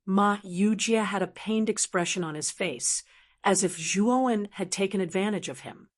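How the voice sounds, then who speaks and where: A woman narrating a fantasy novel audiobook in an even, steady reading. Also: mid-range voice.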